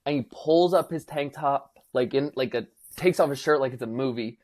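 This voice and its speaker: A young man co-hosting a podcast, chatting casually and telling an animated story, acting out quotes with lots of filler words. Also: medium pitch, normal speed. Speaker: podcast co-host. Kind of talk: casual chat.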